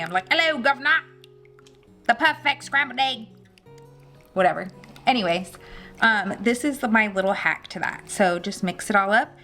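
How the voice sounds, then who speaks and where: A woman's voice: mid-range voice, a bit bright, rough recording. A woman hosting a casual cooking demonstration in a home kitchen, chatty and self-deprecating with joking asides. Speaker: cooking show host.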